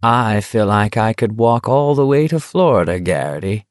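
A sly young man who needles his rival with cool, mocking calm, as a male audiobook narrator reads him. His low voice stays unhurried and condescending, even when soothing. The sound is close and dry. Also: no echo, natural voice. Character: young male walker, taunting, coolly needling.

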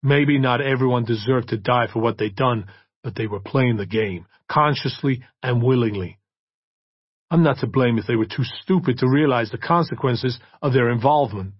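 A man's voice: mid-range voice, normal speed, slightly rough, no room sound, dull audio, lightly acted. A man voicing a cold, hard vigilante. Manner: quiet, hard, flat.

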